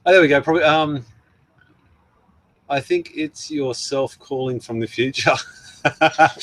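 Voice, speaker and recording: A man's voice: on the high side, unhurried, pauses often, fairly bright tone, dry recording. A man with an Australian accent, hosting a casual livestream, rambling and laughing as he answers viewers. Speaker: livestream host. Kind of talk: casual livestream chat reading comments.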